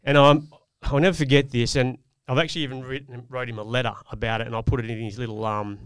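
Earnest man, smooth clear voice. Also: mid-range voice, little pitch movement, fast talker, fairly bright tone, dry recording, clean studio sound. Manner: earnest, reflective storytelling with many restarts. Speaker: podcast co-host. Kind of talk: casual chat.

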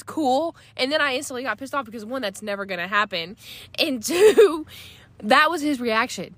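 Young woman, somewhat high voice, animated storyteller, laughs a lot. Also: moderate pace, no echo. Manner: animated storytelling, acts out quotes, laughs often. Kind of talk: casual chat.

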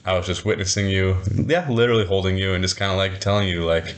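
A man co-hosting a podcast with his wife, speaking calmly and reflectively and swearing now and then. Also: low voice, fast talker. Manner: calm, reflective, casual swearing. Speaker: podcast co-host. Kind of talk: intimate couple's podcast chat.

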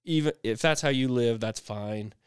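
A man's voice: mid-range voice, normal speed, clean tone, dry recording, studio quality. A man co-hosting a podcast, telling a casual story and acting out the voices in it with lots of laughter. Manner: animated, acts out voices, laughs often. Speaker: podcast co-host.

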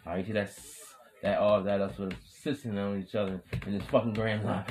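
A man hosting his own podcast in a rambling, profane hype monologue, repeating chants and swinging from loud shouting to low mutters. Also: steady tone, a little fast, slight background noise. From Wisconsin. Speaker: podcast host.

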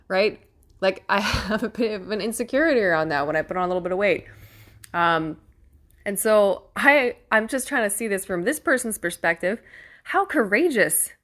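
A young woman hosting a casual opinion monologue, her voice sitting at an ordinary middle pitch. She speaks with earnest emphasis, swears freely and laughs often, sounding close to tears with emotion. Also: fairly bright tone. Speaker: host.

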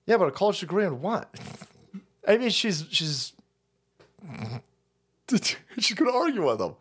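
Male streamer, foul-mouthed sarcastic rant, lively pitch that jumps all over. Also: measured pace, pauses often, husky. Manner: profane, sarcastic, mocking. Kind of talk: livestream rant.

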